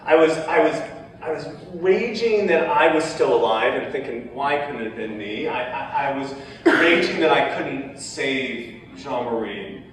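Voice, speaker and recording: Man storyteller, halting and emotional, mid pitch, recorded from afar in a reverberant hall. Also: lively intonation, a bit bright. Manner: halting, emotional, many restarts. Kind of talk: personal storytelling. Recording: echoey hall, heard from far off.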